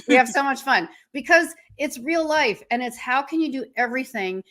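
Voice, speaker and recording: Energetic woman communication coach. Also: sits high, moderate pace. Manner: energetic, encouraging coaching talk. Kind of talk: conversational podcast talk.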